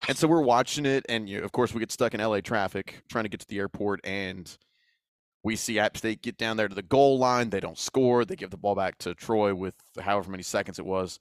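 Young man, sports broadcaster, animated storyteller, dry close sound. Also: on the low side, fairly quick, no echo. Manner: animated, retells with acted-out quotes. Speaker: play-by-play voice of a college football team. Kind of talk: casual storytelling chat.

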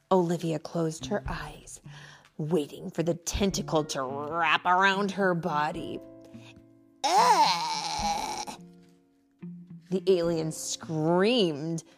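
Slow, expressive mom reading a bedtime story. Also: female voice, lowish voice, faint music behind. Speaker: storyteller and parent.

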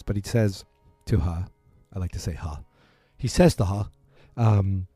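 A man in casual chat, rambling through a TV episode recap with many fillers and quick acted-out quotes. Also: lowish voice, dark tone, slightly rough, no room sound, soft background music. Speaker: podcast host recapping a TV drama.

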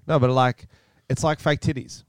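Young Aussie bloke, podcast co-host, crude banter, smooth low voice, dry close mic. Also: male voice, fairly even intonation, moderate pace, dry recording. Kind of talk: casual chat.

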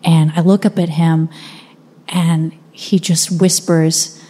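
A woman's voice: deep voice, little pitch movement, slow, mellow, a little hiss or hum. A young adult woman from the United States telling a personal story in a conversational, vivid way. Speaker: speaker. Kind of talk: first-person storytelling talk.

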